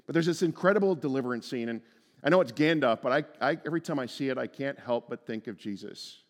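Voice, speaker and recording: A male pastor preaching a sermon, earnest, moving between hushed and emphatic delivery and often repeating words as he starts a phrase. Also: medium pitch, expressive, quick pace. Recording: long reverb from a large room.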